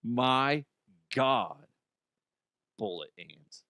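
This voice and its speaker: A man's voice: mid-range voice, expressive, drawn-out words, sharp tone, dry recording. A man hosting a comedic news chat, joking, swearing freely and acting out silly voices. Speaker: host.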